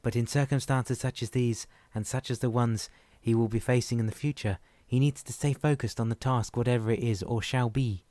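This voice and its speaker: A man's voice: mid-range voice, fairly even intonation, fairly quick, few pauses, warm tone, no echo, natural voice. Stern wooden-faced little boatman, read by a man, bossy and lecturing, dry close sound. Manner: lecturing, commanding.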